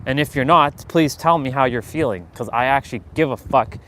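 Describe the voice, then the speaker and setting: A man's voice: medium pitch, fairly quick, a bit bright, a little hiss or hum. A man hosting a live stream, giving a casual motivational monologue in a blunt, profane way and acting out bits of small talk.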